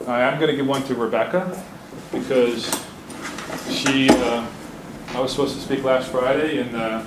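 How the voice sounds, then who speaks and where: A man's voice: medium pitch, fairly even intonation, moderate pace. A man in his forties giving a candid, anecdotal lecture to students as a guest speaker, talking openly about his feelings. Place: university lecture room. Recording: roomy hall with faint background hiss.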